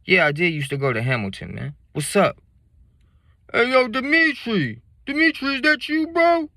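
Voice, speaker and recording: A man's voice: sing-song, moderate pace, no echo, studio quality, heavily acted. A man voicing a drunk, pushy young man who slurs his words in street slang. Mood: drunken greeting. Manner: slurred, loud, high-pitched street slang.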